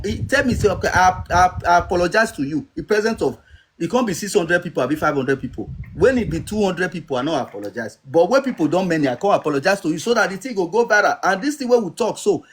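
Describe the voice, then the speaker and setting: A Nigerian man speaks on a live phone stream in a slightly high voice, pressing his point and checking he is understood. A faint hiss sits under the phone recording. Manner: insistent, repeats "you understand?". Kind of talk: casual live-stream talk.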